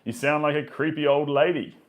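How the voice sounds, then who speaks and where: A man's voice: on the high side, fairly even intonation, fairly quick, highs cut off. A man, chatting casually to his live stream viewers while he paints, muttering to himself between remarks.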